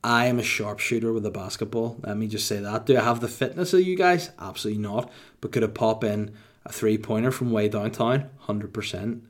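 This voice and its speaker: A man in his thirties with a Northern Irish accent, answering listener questions in casual chat with mock-boastful, deadpan jokes. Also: lowish voice, a little fast.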